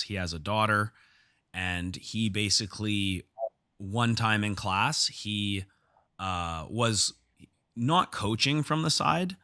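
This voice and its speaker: A man's voice: on the low side, pushed and bright, no room sound, studio quality. A man hosting a podcast, telling a story from his gym in a casual, heated way, restarting his sentences. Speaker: podcast host and gym owner.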